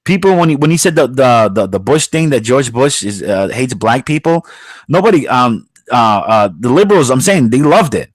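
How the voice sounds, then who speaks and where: A man's voice: mid-range voice, big pitch swings, moderate pace, no room sound. A man co-hosting a podcast, ranting bluntly in casual chat and calling himself a bit aggressive in the way he talks. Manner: blunt, profane, calls himself aggressive-sounding. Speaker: podcast co-host. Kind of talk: casual opinion rant.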